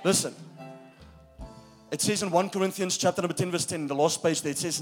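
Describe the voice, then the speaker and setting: Male pastor, higher-pitched, emphatic preacher who engages the room, faint music bed. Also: brisk, pauses often. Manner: emphatic preaching that checks in with the congregation. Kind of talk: sermon.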